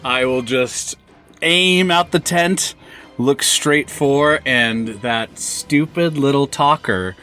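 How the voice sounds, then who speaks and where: A man playing a tabletop role-play game, excitable and quick to laugh. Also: lowish voice. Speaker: player.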